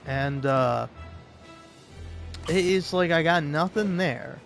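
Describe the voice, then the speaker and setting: A young male streamer talks in a slightly high voice, rambling and cursing as he jokes about himself. Faint game music runs behind him. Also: takes it slowly, gravelly, a bit bright. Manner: rambling, swearing, self-deprecating. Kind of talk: casual livestream chat.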